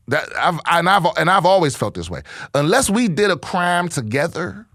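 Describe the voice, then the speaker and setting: Man ranting in a lively, animated voice. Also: a little high, brisk, few pauses, no echo, studio quality. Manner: animated, profane comic rant; rambling, restarts often. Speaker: podcast host and comedian. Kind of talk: casual podcast monologue.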